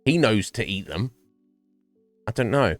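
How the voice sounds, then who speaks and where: Male streamer, rambling chat; animated delivery, dry mic. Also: lowish voice, a little slow, no room sound, soft background music. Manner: rambling, laughs often, swears. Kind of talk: casual chat with viewers.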